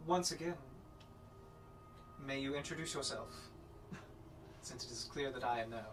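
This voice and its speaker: A man's voice: medium pitch, moderate pace, fairly bright tone, a little hiss or hum, close to an everyday voice. A man voicing a haughty young noblewoman who speaks in a formal, aloof way. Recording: distant mic, background music.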